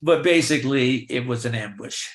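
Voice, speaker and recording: Animated older man telling stories. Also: medium pitch, normal speed, echoey room. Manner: animated anecdotes, acting out quoted voices. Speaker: film extra and actor, guest. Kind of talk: storytelling in an interview.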